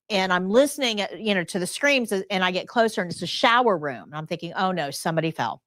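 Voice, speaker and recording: Lively, emphatic nursing instructor woman. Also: medium pitch, no echo, clean studio sound. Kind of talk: live class lecture.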